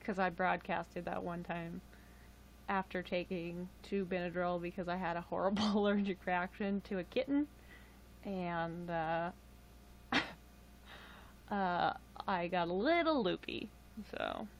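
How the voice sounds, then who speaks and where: A young woman with a slightly low voice chats loosely on a livestream, rambling and full of filler words. A faint hiss sits under her webcam audio. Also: slow, pauses often. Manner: rambling, chatty, filler-heavy, self-deprecating. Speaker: livestream host. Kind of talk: casual livestream chat.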